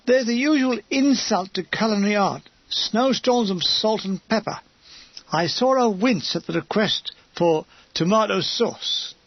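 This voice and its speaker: A male audiobook reader with a high, gravelly voice tells a comic war memoir with wry description. His tone is husky, and the recording is dry and dull. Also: a little slow.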